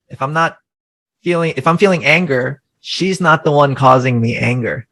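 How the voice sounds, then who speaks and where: A man's voice: on the high side, moderate pace, a bit bright, poor audio. A man in his thirties, a guest coach in a conversational interview, speaking in an earnest, reflective way and often checking in with "right?".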